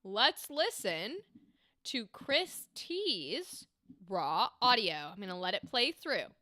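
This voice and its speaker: A woman's voice: medium pitch, very animated, takes it slowly, sharp tone, no echo, clean studio sound. A woman hosting a livestream, reviewing voice acting auditions with enthusiastic, gushing praise. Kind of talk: casual livestream commentary.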